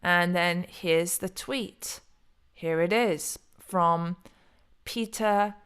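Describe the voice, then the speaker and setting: Chatty middle-aged woman, slightly low voice. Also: drawn-out words, fairly bright tone, clear, resonant tone. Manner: chatty, rambling, stumbles over names. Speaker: crypto video host. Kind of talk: casual solo commentary.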